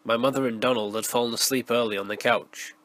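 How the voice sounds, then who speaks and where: Hoarse man narrating a horror story. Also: mid-range voice, fairly even intonation, fast talker, fairly bright tone. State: hoarse from a cold. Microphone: raw, unprocessed close mic.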